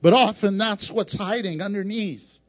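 High-pitched male pastor, animated sermon with acted-out scenes, dull lo-fi church recording. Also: normal speed. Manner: emphatic and repetitive, asks the congregation questions, laughs at his own jokes.

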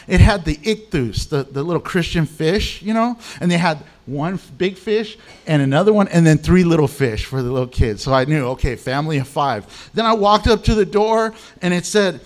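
A man preaching a sermon, telling stories with animated quoted voices. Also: high voice. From Mexican. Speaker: pastor.

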